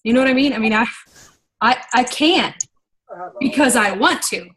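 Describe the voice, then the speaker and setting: A young adult woman leading a business team meeting in a casual, animated, rambling way, getting worked up and talking fast when excited. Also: a little high, poor audio. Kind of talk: casual motivational training talk.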